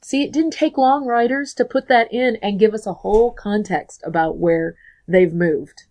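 A woman's voice: medium pitch, moderate pace, a little mellow. A woman co-hosting a podcast, chatting playfully and with amusement about a TV episode. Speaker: podcast co-host. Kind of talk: casual TV recap chat.

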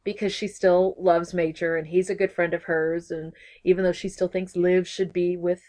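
A woman's voice: on the low side, flat delivery, moderate pace, a little mellow. A woman from Texas co-hosting a podcast, chatting casually and gushing about a TV episode. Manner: bubbly and gushing, with giggly asides. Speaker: podcast co-host. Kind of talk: casual chat recapping a TV episode.

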